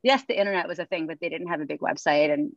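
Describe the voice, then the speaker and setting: A chatty woman tells stories in a loose, rambling way, laughing between thoughts and acting out what people said. Her voice sits in a middle pitch, recorded close and dry with slightly dull, muffled sound. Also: very fast, no echo. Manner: chatty storyteller, laughs often, acts out quotes. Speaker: running coach and podcast host. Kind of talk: casual chat.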